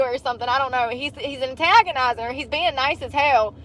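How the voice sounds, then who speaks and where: A woman's voice: high voice, brisk, fairly bright tone. A woman, livestreaming casual chat from a parked car, rambling and candid and laughing often. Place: parked car in a parking lot.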